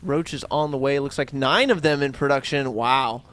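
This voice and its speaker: A man doing quick, excitable play-by-play commentary on a strategy game match. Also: mid-range voice, slight background noise. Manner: quick, excitable, rises on big plays. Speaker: esports caster.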